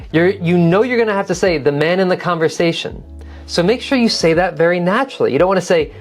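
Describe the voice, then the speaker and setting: Lowish and darkish in tone, this TOEFL teacher's voice leads an online test-prep class. She offers practical encouragement and says key phrases again to show how they should sound.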